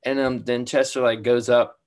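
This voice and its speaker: A man's voice: mid-range voice, little pitch movement, moderate pace, a little mellow. A young man co-hosting a podcast in casual chat, laid-back, saying "dude" and "like" a lot. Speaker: podcast co-host.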